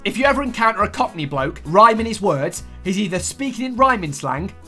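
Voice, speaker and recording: A man's voice: sits high, very animated, fairly quick, bright, forceful tone, soft background music. A man from England narrating a comedic voice-over with sarcastic asides and mock accents.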